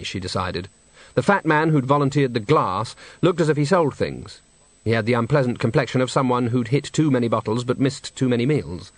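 Expressive male audiobook narrator. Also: mid-range voice, dry recording. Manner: expressive, wry storytelling. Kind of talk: audiobook reading with character voices.

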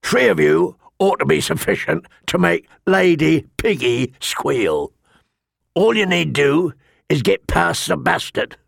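A man voicing a cruel, mocking master-at-arms with a sharp, cold voice in an audiobook. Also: fairly high pitch, big pitch swings, slow pace, creaky, dry recording, clean studio sound, pitched above the performer's own voice, heavily acted. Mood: sneering. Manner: taunting, sneering. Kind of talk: audiobook character voice.

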